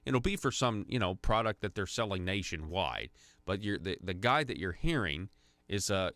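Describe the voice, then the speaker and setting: Low-voiced radio talk host. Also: male voice, lively intonation, moderate pace, a bit bright, no room sound. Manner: rambling, conversational, many restarts and fillers. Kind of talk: conservative talk radio monologue. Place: radio studio.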